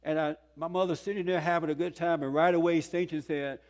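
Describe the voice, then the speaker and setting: A man's voice: on the high side, steady tone, fairly quick, a little mellow. A man in his sixties giving a personal testimony at a conference, telling his story earnestly with chuckles and emphatic peaks. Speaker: speaker. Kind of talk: testimony talk to a conference audience. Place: conference hall.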